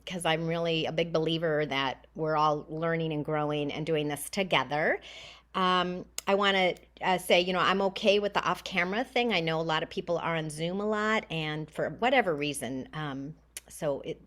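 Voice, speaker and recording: A woman in her fifties from the United States, a coach and facilitator opening an online workshop in an informal, easygoing way. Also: lowish voice. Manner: warm, informal, laughs easily, restarts sentences. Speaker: guest speaker, business coach. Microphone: video call.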